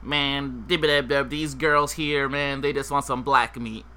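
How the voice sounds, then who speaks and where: A man voicing a drunk, rowdy local man who keeps repeating himself, in a slow, slurred put-on voice. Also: medium pitch, steady tone, pushed and bright, clear, resonant tone. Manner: slurred and repetitive.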